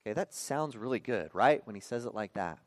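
A man in his thirties preaching a sermon as a pastor, often checking in with the listeners with quick rhetorical "okay?" and "right?". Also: fairly low pitch, expressive, no room sound, studio quality.

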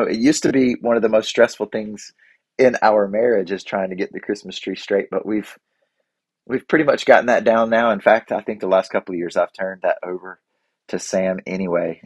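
A man in his forties with a fairly low voice, chatting in a relaxed, rambling way full of fillers and little restarts. The sound is dry and close, with no room echo. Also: normal speed, breathy edge. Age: 40s. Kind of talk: casual reflective chat.

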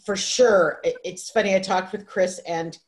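A woman's voice: mid-range voice, steady tone, moderate pace. A woman in her fifties hosting a video call, telling a personal story in a rambling, emotional way, full of restarts and asides. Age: 50s. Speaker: livestream host. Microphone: video call microphone.

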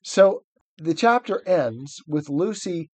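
A man's voice: on the high side, animated, slow, breathy edge, dry recording. A man co-hosting a podcast, talking through a book in a thoughtful, reflective way. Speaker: podcast co-host. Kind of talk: casual book discussion.

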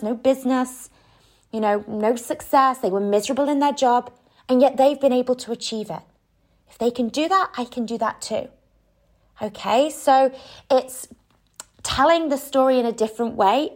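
A woman who hosts a podcast and works as a coach gives conversational advice in a voice on the high side. Her speech is full of "you know" and "sort of" fillers.

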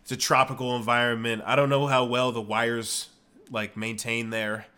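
A man's voice: medium pitch, flat delivery, moderate pace, sharp tone, clean tone. A man hosting a casual video-call interview, chatting in a friendly, easygoing way. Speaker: host.

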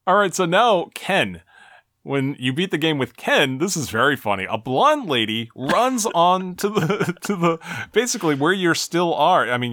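A man's voice: a little high, a bit bright, dry recording, clean studio sound. A man co-hosting a casual talk show, walking through game endings and reading their text aloud with a wry tone. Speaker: podcast co-host. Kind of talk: casual retro game discussion.

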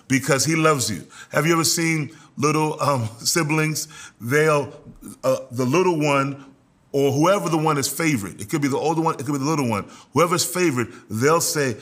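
A man preaching a sermon as pastor, in an animated style with call-and-response to his listeners. He slows down to stress key words and rises into loud exhortation. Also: on the high side.

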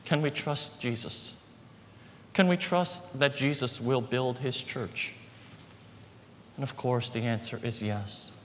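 A man preaching a sermon as pastor, emphatic, repeating phrases and slowing down on key words. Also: mid-range voice, fairly bright tone. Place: church hall. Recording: reverberant hall with faint background noise.

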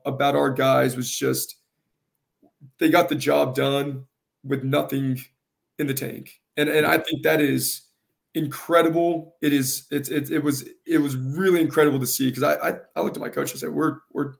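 A man, a high school soccer coach in a casual interview, with a gravelly, carrying voice and an earnest, halting way of repeating words. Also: little pitch movement.

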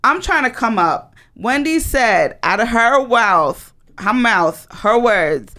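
Animated, profane woman telling a story. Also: a little high, slow, few pauses. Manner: animated, profane, dramatic emphasis. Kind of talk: casual storytime monologue.

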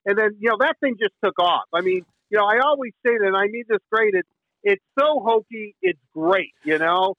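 A man's voice: sits high, lively intonation, a little fast, gravelly, no echo. A middle-aged man from Michigan, a sports radio host telling a rambling story with many fillers and restarts. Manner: bursts into singing the team song. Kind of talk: casual interview storytelling. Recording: tinny phone line.

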